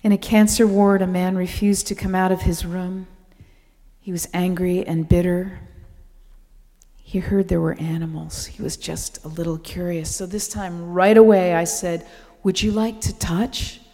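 A woman giving a slow, contemplative spoken reflection to a gathering, often dropping to a breathy whisper. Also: fairly low pitch, flat delivery, mellow. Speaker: speaker sharing reflections. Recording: long reverb in a hall.

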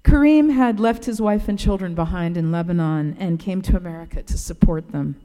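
A woman reading a personal essay aloud in a gentle, reflective storytelling way. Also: fairly low pitch, fairly quick, big-room sound. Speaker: narrator.

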